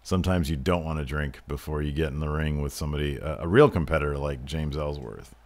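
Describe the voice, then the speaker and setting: Casting: low-voiced guy, mock announcer calling game wrestling, crude jokes. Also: quick pace. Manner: jokey, profane, mock-announcer hype. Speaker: gameplay commentator. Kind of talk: mock wrestling play-by-play over gameplay.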